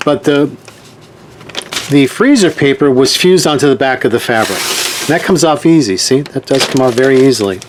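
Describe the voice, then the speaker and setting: A man's voice: on the high side, a little hiss or hum. A man teaching a hands-on sewing demonstration in a chatty way, often checking in with his viewers. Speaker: sewing instructor.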